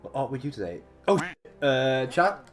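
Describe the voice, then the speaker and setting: A man streaming a game, chatting with his viewers and reading the dialogue aloud, breaking into excited laughing outbursts. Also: mid-range voice, moderate pace, soft background music. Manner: excitable, laughs and shouts in bursts. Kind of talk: let's play commentary with read-along dialogue.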